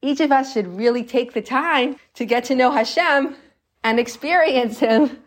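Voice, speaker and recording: A woman's voice: high-pitched, measured pace. A woman teaching a religious Torah class, explaining texts and telling little stories with acted voices and laughs.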